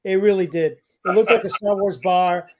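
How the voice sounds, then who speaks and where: A man with a high voice co-hosts a casual football podcast. He talks in a joking, mocking way. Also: steady tone, normal speed, darkish tone. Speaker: podcast co-host. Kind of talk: casual sports podcast chat.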